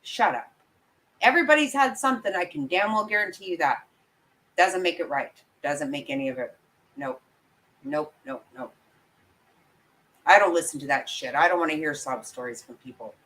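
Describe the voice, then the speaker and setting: A woman's voice: low voice, lively intonation, moderate pace, pauses often, a bit bright, low-quality recording. A woman ranting on a livestream, her speech blunt and full of swearing. She talks straight to her viewers, emphatic and worked up. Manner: angry, profane, emphatic ranting; talks to viewers and apologizes for the outbursts. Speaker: true crime commentator. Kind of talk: livestream reaction commentary.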